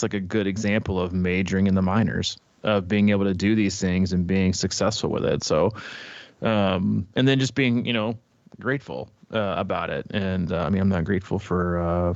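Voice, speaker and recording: A man's voice: low voice, vocal fry, a little mellow, dry recording, lo-fi sound. A man co-hosting a podcast, rambling candidly through everyday stories and swearing now and then. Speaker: podcast co-host. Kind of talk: casual podcast chat.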